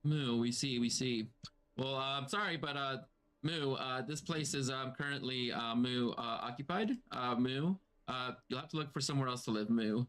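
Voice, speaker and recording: A man's voice: medium pitch, normal speed, a bit bright, smooth, natural voice. A man voicing a polite, nervous cow-folk creature who moos between his words, with tavern music playing behind. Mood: wary, polite. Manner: mooing between phrases, questioning.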